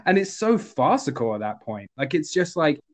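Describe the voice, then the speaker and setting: A man's voice: a little high, very animated, moderate pace. A man chatting casually about movies, animatedly retelling scenes and acting out the characters.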